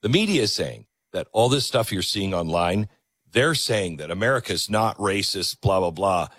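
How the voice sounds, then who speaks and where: Animated man hosting clip commentary. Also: sits low, normal speed, no echo. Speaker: host. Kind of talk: commentary on played clips.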